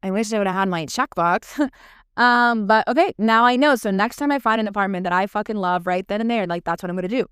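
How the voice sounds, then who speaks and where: Podcast host, woman, very smooth clear voice, dry close sound, chatty and profane. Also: mid-range voice, fast, fairly bright tone, no echo. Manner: chatty, swears freely, lots of "like" fillers. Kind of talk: casual storytelling monologue.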